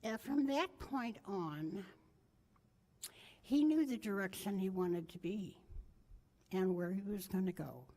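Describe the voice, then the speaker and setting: A woman's voice: mid-range voice, animated, takes it slowly, pauses often, dark tone. Older lady telling family stories at a memorial, voice rises and dips a lot, keeps fixing her own words. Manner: rambling and anecdotal, correcting herself as she goes. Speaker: family member giving a memorial tribute. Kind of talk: memorial storytelling speech.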